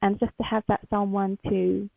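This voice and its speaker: A woman guest speaking candidly and emotionally, halting often with fillers. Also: medium pitch, level tone, vocal fry, no echo. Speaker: podcast guest. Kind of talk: candid interview. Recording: tinny phone-like line.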